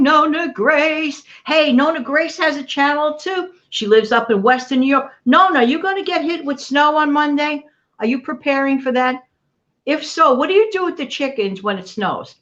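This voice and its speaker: A woman's voice: high voice, a bit bright. A woman hosting her own live channel, reading a recipe and chatting with viewers, greeting them by name and often repeating herself. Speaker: channel host. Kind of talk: casual livestream chat and recipe reading. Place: home, New York area. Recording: dull lo-fi livestream audio.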